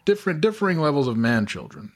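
A young man co-hosting a comedy podcast, swearing and laughing as he reads posts aloud with theatrical slow emphasis. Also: a little high, big pitch swings. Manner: laughing, profane, theatrical readings. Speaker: podcast co-host. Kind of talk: casual comedic chat, reading posts aloud.

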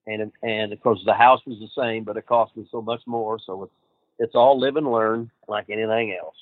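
A man who trains wrestlers, telling profane, animated road stories as a guest. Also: fairly low pitch, normal speed, no room sound. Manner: profane, animated, laughs at his own stories. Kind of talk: casual storytelling interview. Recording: dry tinny phone-like line.

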